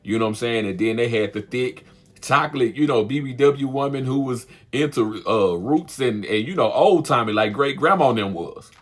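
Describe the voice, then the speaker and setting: A man giving a casual, chatty spoken review of a film, animated and often laughing, with frequent asides to his listeners. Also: medium pitch, moderate pace. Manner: chatty and animated, laughs often, keeps asking "you know what I'm saying". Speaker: movie reviewer, channel host.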